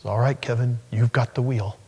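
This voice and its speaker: A male pastor delivers an earnest sermon with a mid-pitched voice that jumps up when he acts out scripture. His voice carries a long reverb through the church hall. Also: moderate pace, slightly rough, highs cut off. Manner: earnest, animated preaching that rises sharply when acting out scripture.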